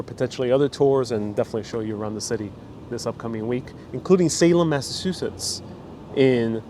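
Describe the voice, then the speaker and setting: A man's voice: on the high side, slight background noise. A man with a New York accent, chatting casually on a live stream and answering viewer comments, rambling with fillers and restarts. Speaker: vlogger hosting a live stream.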